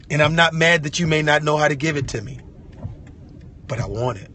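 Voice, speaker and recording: A man's voice: fairly high pitch, brisk, pauses often, pushed and bright, a little hiss or hum. Fervent man talking from a car. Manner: fervent, repetitive, slangy ("yo", "y'all"). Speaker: worship leader sharing a devotional message. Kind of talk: impassioned devotional vlog talk. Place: inside a vehicle.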